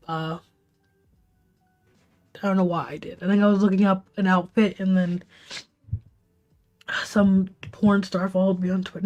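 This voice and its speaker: A woman streamer venting from home late at night, keeping her voice hushed and half-whispered, swearing and rambling with restarts. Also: medium pitch. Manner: hushed, half-whispered talk to keep quiet. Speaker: live streamer. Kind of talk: venting storytime on a livestream.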